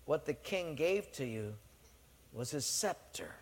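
A preacher playing a calm servant who explains things gently. He drops to a low, hushed tone, soft and reassuring, and a long hall echo trails each word. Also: slow, exaggerated voice. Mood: reverent hush.

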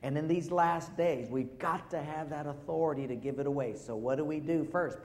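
A man preaching a sermon as pastor, lively and conversational, asking the congregation questions. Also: fairly high pitch, normal speed, hardly any pauses. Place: church hall. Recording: long reverb of a large hall.

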